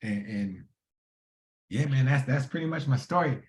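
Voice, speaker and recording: A man in his thirties, a podcast guest telling his story in a lively, casual, slangy way. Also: medium pitch, normal speed. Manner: animated, acts out quoted dialogue in a casual slangy way. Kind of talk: conversational storytelling. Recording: roomy echo.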